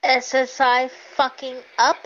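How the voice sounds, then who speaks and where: A woman's voice: sits high, completely flat delivery, takes it slowly. A woman in an angry rant, swearing and stammering over her restarts, exasperated. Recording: dull lo-fi sound with faint noise.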